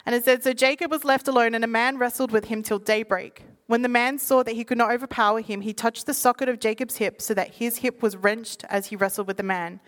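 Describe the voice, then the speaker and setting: Woman preaching a lively, casual sermon. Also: fairly high pitch. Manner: reads scripture quickly, then explains in lively casual talk. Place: in front of a live audience.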